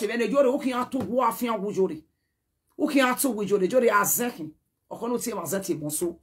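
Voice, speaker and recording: A woman's voice: medium pitch, a little fast, music in the background. A woman with a Nigerian accent, delivering an emphatic, rambling direct-to-camera message. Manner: emphatic and rambling, code-switching. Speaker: social media personality.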